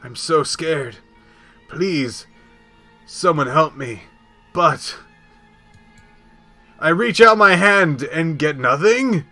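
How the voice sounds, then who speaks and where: A man reading aloud as a frightened, lonely orphan girl, halting over words. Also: on the high side, lively intonation, pushed and bright, soft background music, exaggerated voice. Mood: despairing. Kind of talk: reading a story game aloud in character.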